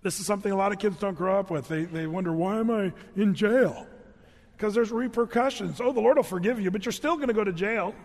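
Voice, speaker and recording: A man preaching with a notably high, light voice, telling stories in a lively, conversational way with quick joking asides. His voice rings out through a large church sanctuary with a long reverb tail. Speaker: pastor. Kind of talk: storytelling sermon.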